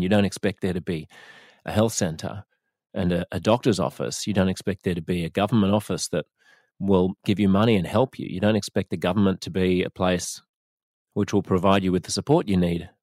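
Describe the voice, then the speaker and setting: A man's voice: low voice, darkish tone, dry recording, studio quality. A man with an Australian accent, a radio host giving earnest, reflective commentary. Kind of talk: spoken commentary.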